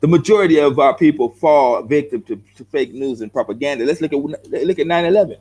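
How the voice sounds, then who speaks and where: A man's voice: fairly high pitch, fairly quick, darkish tone, breathy edge, rough recording. Man, middle-aged, los angeles accent, heated vlog rant, blunt, calls people bro. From South Central Los Angeles, United States. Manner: blunt, confrontational, repeats himself, calls viewers bro. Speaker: vlogger answering viewer comments. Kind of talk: heated direct-to-camera rant.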